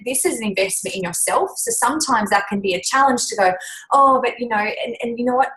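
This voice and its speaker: A woman's voice: medium pitch, fairly bright tone, low-quality recording. Chatty woman sharing a testimony. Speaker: team member. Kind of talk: motivational testimony.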